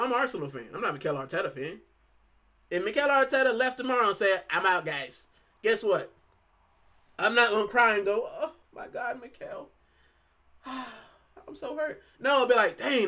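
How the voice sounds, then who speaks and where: High, bright-voiced man chatting casually. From Puerto Rico. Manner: animated, rambling, fillers and repeated "bro". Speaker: football channel host. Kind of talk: casual fan chat. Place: lives in the UK.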